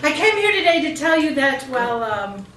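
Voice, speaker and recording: A woman's voice: high-pitched, very animated, moderate pace, fairly bright tone. A woman reading her poetry aloud at a live cafe open mic, moving between intense, rhythmic performance and chatty asides. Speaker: featured poet. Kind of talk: spoken-word poetry reading. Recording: echoey room recorded from a distance.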